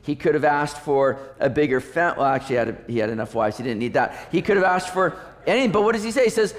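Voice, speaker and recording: A man's voice: a little high, animated, fast. A man preaching a sermon as a pastor. He talks in a conversational way, asks the congregation rhetorical questions and often restarts his sentences.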